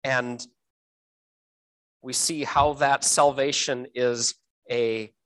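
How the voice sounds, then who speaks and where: A man teaching a Bible verse word by word, often pausing with fillers and repeating words, slowing down to stress key phrases. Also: mid-range voice, steady tone, a bit bright, poor audio.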